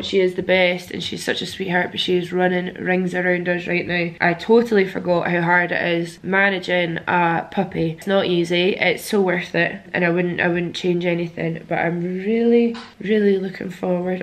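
A young Scottish woman, sick and a bit weary, chatting candidly to camera in a casual vlog. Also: on the low side. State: sick and congested. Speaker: vlogger.

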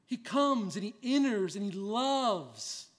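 Slow, earnest preacher man. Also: high-pitched, sing-song. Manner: earnest, swings from soft hush to loud emphasis. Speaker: pastor. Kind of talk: sermon.

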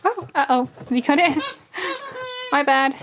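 High-voiced woman cooing to her dog. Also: very animated, measured pace, background noise. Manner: chatty, coos and praises her dog in a sing-song voice. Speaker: vlogger opening fan mail with her dog. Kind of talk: casual chat. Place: home room with a dog.

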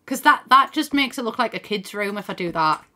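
A woman streams from her home computer, talking casually into a desk microphone in front of her screen as she plays, thinking out loud, reading chat aloud and cursing now and then. Her voice sits a little high and sounds bright and forceful, with lively intonation and a slightly fast pace.

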